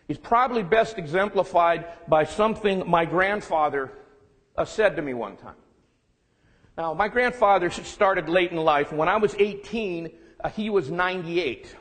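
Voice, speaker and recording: A man from California, United States, with a slightly high, somewhat bright voice gives a guest lecture to students. It's candid, self-deprecating, and humorous, blending warnings with family stories, and the lecture room adds a long reverb.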